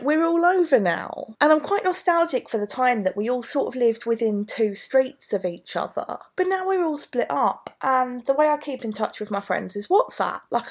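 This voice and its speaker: A woman's voice: on the high side, a little mellow, husky. A young woman with a Cockney-tinged English accent, chatting casually as a teacher explaining a poem, with lots of fillers. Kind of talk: casual podcast lesson on poetry.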